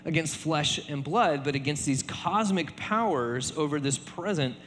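A man preaching a sermon in a relaxed conversational way, often checking in with "right?". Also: on the high side, unhurried, big-room sound, a little hiss or hum. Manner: conversational, many fillers and repeated tag questions. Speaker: pastor.

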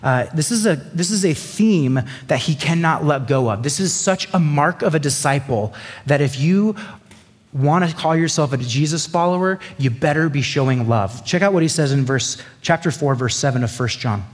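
A man's voice: fairly high pitch, moderate pace, slightly rough, big-room sound. A man preaching a sermon as pastor, conversational with joking asides. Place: church sanctuary.

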